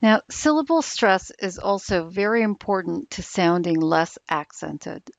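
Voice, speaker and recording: Slow-speaking woman with a gravelly voice. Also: mid-range voice, lively intonation, no echo. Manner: slow, deliberate, instructive. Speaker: pronunciation coach. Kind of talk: explaining pronunciation. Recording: dull, lo-fi sound.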